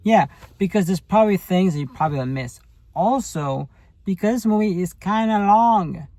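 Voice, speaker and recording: A man's voice: high voice, lively intonation, moderate pace, darkish tone, no echo, rough recording. A man giving a casual spoken movie review, rambling and full of fillers and tag questions.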